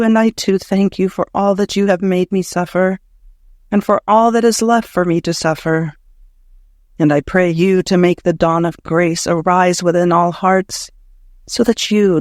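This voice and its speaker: A man's voice: sits high, dry recording, clean studio sound. A man narrating a devotional audiobook in a fervent, prayerful, emotional way.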